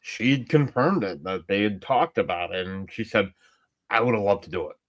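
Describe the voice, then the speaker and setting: Man, New York accent, from upstate, casual podcast co-host, quick emphatic interjections. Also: on the low side, animated, highs cut off, slight background noise. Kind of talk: casual wrestling discussion.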